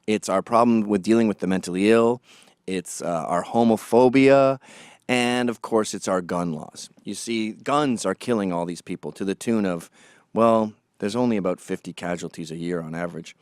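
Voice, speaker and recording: A man's voice: fairly low pitch, moderate pace, a little mellow, clear, resonant tone, no echo, clean studio sound. A man delivering a sarcastic, combative opinion monologue as a political commentator.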